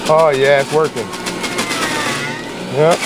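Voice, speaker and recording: A man's voice: on the high side, steady tone, takes it slowly. A man chatting casually to the camera as he makes fresh juice, talking to viewers while he works. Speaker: vlogger making juice. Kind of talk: casual kitchen demonstration. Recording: loud juicer noise over voice.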